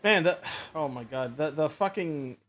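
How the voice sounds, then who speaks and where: A man's voice: a little high, a little slow, soft background music. Foul-mouthed man in his thirties. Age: 30s. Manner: swears freely, animated storytelling. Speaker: gaming channel host. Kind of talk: casual chat over a game playthrough.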